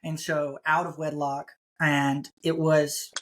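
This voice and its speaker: A man's voice: a little high, flat delivery, takes it slowly, fairly bright tone. A man in his thirties hosting a faith podcast, talking loosely with lots of "you know" and "like.". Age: 30s. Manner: conversational, many fillers like "you know" and "like". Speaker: podcast host. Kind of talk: casual interview chat.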